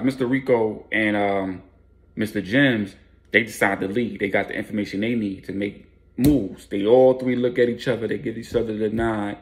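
A man's voice: fairly low pitch, fairly bright tone. A man casually narrating a street story in laid-back slang with fillers.

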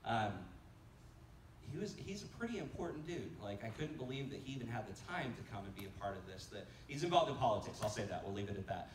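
Echoey preacher telling stories. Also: male voice, fairly low pitch, fast. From United States. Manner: storytelling, animated quotes, laughing asides. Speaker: pastor. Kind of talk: conference sermon. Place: church sanctuary. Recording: echoey church hall from far off, faint noise.

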